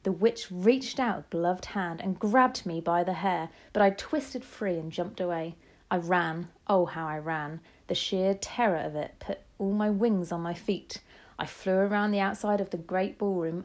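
A woman narrating a children's story in the first person, dramatic and expressive. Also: on the low side, normal speed. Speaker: audiobook narrator.

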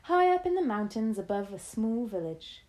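A woman's voice: on the high side, sing-song, moderate pace, warm tone, low-quality recording. Shrewd, determined grandmother, firm and knowing, as a woman reads her. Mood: teasing.

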